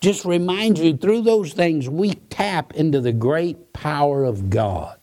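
A man's voice: fairly high pitch, expressive, takes it slowly, mellow. A man preaching a sermon, earnest and given to repeating his words. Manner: earnest, repeats words, quotes scripture and hymns.

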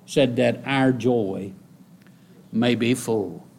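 A man preaching a sermon in a folksy way, repeating key phrases and rising into loud exhortation. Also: extremely slow, vocal fry, slight background noise. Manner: rises to loud, high-pitched exhortation. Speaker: pastor.

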